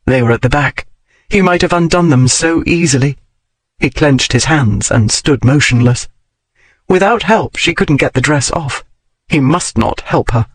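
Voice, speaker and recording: Brief: man with a slightly raised pitch, steady scripted narration, dry studio sound. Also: measured pace, husky, no echo. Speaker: audiobook narrator.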